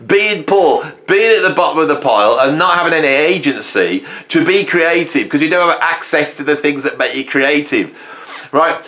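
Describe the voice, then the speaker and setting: A man's voice: fairly high pitch, lively intonation, moderate pace, sharp tone, echoey room. A middle-aged man ranting on his own video channel, emphatic and angry, tossing in "right?" as he goes. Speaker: YouTuber. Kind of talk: ranting monologue.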